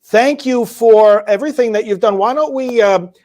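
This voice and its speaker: A man's voice: very high voice, normal speed, a little mellow. A man, a priest, hosting an interview and affirming his guest with short agreeing replies.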